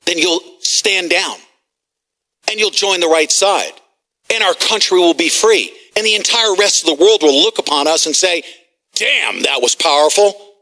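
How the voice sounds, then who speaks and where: Agitated shouting talk radio host man. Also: high-pitched, moderate pace. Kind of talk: heated talk radio rant.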